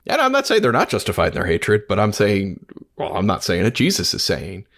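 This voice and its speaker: A man's voice: lowish voice, wildly swooping pitch, brisk, a bit bright. A man who has been in ministry for years, co-hosting a faith podcast and talking earnestly, with frequent restarts. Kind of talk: casual devotional discussion.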